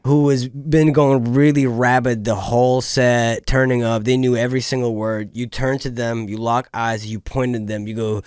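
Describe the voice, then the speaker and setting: Man, young adult, smooth voice, dry sound, podcast co-host, animated casual storytelling. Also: medium pitch, normal speed, hardly any pauses, no room sound. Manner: animated storyteller, narrates role-play scenes. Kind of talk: casual chat.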